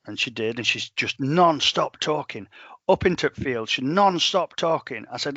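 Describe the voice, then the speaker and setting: Middle-aged bloke, dog trainer, chatty and blunt, dry muffled sound. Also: male voice, mid-range voice, normal speed, dry recording. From England. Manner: animated, chatty, plain-spoken. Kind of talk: storytelling in a podcast interview.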